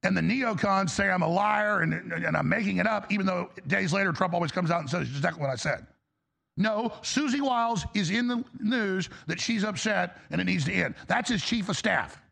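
A man's voice: sits high, expressive, moderate pace, a bit bright. A male talk show host delivering an angry, exasperated political rant, blunt and profane. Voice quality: gravelly.

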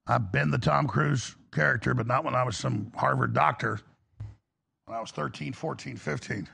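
Gravelly, impassioned talk show host. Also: male voice, medium pitch, moderate pace, pushed and bright. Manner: rambling, impassioned, rising to preaching. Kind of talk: confessional monologue.

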